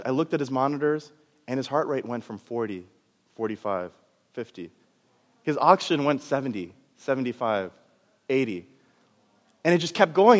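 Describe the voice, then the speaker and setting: Man telling a story in a big echoing hall. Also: on the high side. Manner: storytelling, animated, laughs at himself. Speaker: doctor and preacher. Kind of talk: sermon testimony. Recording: long hall reverb.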